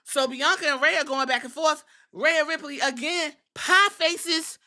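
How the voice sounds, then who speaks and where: Woman podcast host, high and bright, animated, profane, casual wrestling recap. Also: moderate pace, few pauses.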